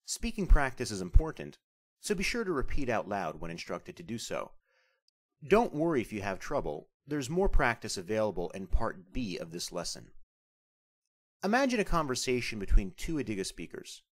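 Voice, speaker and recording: Man, language teacher, scripted narration, deliberate, slow spelling-out of sounds, expressive pitch. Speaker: language instructor.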